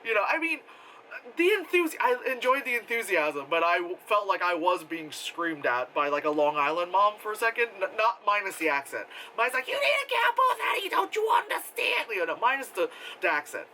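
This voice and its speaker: An animated man, a little high-pitched, whose voice swoops up and down as he rambles through a convention recap. His tone is bright and edgy, and he swears easily and laughs his way through the stories. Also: brisk, a little hiss or hum, low-quality recording. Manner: animated, acts out quotes in a high voice, laughs often; swears casually, rambling with many fillers. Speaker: convention vlogger. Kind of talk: casual storytelling recap.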